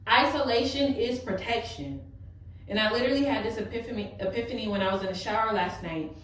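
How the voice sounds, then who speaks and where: Speaking briskly in a fairly high voice, a young vlogger has an open, emotional heart-to-heart with her viewers, filling it with casual fillers. She's off-mic and distant in an echoey room.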